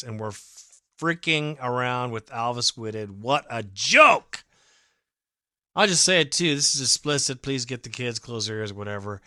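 A man's voice: medium pitch, sharp tone, clear, resonant tone, no echo, studio quality. A man hosting a fan podcast, reading listener comments and ranting emotionally, swearing freely in a casual monologue.

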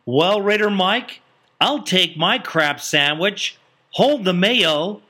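Wry man with a bright voice. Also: high voice, expressive, slow. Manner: wry, joking. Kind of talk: casual radio talk.

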